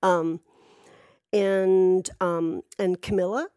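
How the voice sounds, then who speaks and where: A woman's voice: lowish voice, fairly even intonation, extremely slow, a little mellow, smooth, no echo. A woman casually telling a personal story, rambling with many fillers and restarts and swearing freely.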